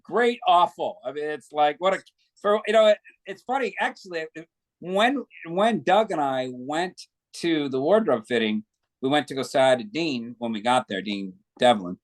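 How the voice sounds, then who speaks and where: A man's voice: fairly high pitch, expressive, moderate pace. A man, a guest actor, chatting casually in an interview and telling long anecdotes.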